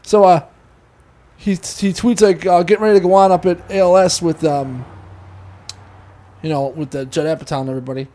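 A man with a high voice talks quickly. He rambles through a story, swearing often. The talk is loose, casual chat between podcast hosts. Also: fairly even intonation, dark tone. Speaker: podcast host.

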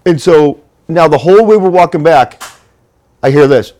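A man's voice: on the high side, expressive, moderate pace, mellow. A man in casual chat, telling a long, rambling, profane story full of "like" fillers.

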